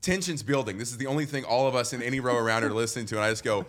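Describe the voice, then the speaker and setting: A man's voice: mid-range voice, rapid-fire, a bit bright. A young adult man, a guest comedian, telling a story on a podcast and acting out the people in it.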